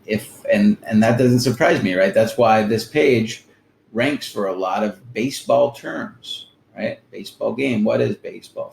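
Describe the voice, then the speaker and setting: A man giving a casual screen-share marketing lesson, often ending sentences with "right?" and pausing on "um". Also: lowish voice, creaky, echoey room, slight background noise, rough recording. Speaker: digital marketing presenter.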